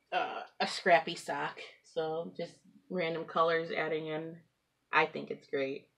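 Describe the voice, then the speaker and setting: Lady chatting about her knitting at home, kinda low voice, rambly, laughs a lot. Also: little pitch movement, a little slow, a bit bright. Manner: chatty, rambling, laughs often, coughs and clears throat. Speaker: knitting podcast host. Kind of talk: casual craft chat to camera. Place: at home with pets.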